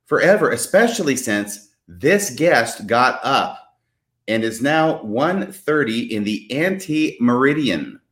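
A man's voice: mid-range voice, sing-song, slow pace, a bit bright, echoey room. A man co-hosting a live show, playful and effusive, joking between remarks. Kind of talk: casual live show banter.

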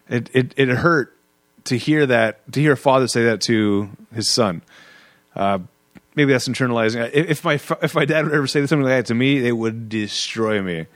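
A man's voice: mid-range voice, dry recording. Guy chatting about a movie, keeps restarting, laughs a lot, dry close sound. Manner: halting, many restarts, laughs often. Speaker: podcast host. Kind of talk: casual movie review chat.

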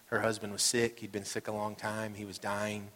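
A man's voice: fairly low pitch, flat delivery, normal speed, fairly bright tone. A man pastor giving a conversational sermon, telling stories and acting out what people say. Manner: casual and storytelling, acting out quoted voices. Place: church sanctuary. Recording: reverberant hall sound.

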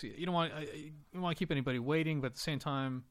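Male co-host, fast, casual conversational delivery, dry recording. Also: on the high side, no room sound. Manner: quick, relaxed, conversational with restarts. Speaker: podcast co-host. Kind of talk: casual chat.

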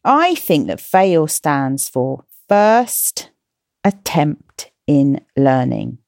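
A woman hosting a podcast for children, chatty and gently self-mocking as she encourages her listeners. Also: sits low, sing-song, drawn-out words, creaky, dry recording, clean studio sound. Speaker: podcast host and coach for children. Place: at home, in slippers.

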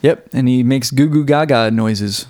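A man co-hosting a podcast, joining in with crude jokes and quick laughs in casual chat about a movie. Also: mid-range voice, darkish tone. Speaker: podcast co-host.

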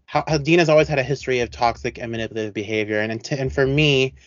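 A man co-hosting a podcast in casual chat, talking in an animated, rambling way with many restarts. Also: mid-range voice, racing, no room sound, highs cut off. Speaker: podcast co-host.

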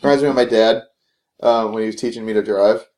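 A young man co-hosting a casual podcast chat, an animated storyteller who swears a lot and laughs often. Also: on the low side, quick pace. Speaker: podcast co-host.

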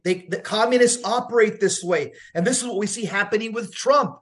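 High-pitched guy on catholic talk radio, insistent, says the same thing twice. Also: fairly quick, fairly bright tone. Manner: emphatic, repeats names and phrases. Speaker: radio show co-host.

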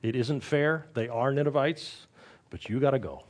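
A weary, sympathetic ship captain speaks mildly and patiently, as a preacher puts him on. He has a middle-pitched voice. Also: normal speed, lightly acted. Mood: resigned.

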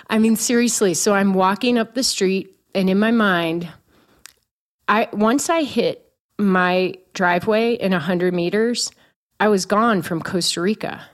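A woman's voice: medium pitch, unhurried. A woman in her forties telling a personal story to a host. She is candid and self-mocking and laughs along the way. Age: 40s. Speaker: guest.

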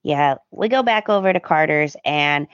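A woman's voice: low-pitched, moderate pace, smooth, no echo, muffled recording. A woman co-hosting a podcast, chatting casually and acting out characters' lines as she recaps. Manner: animated retelling, acts out characters' lines. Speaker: podcast co-host.

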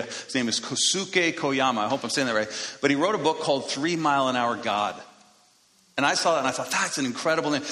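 Bright-voiced pastor in an echoing hall. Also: male voice, mid-range voice. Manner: conversational, self-deprecating asides to the congregation. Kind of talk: sermon. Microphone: handheld or stage microphone. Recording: echoey hall reverb.

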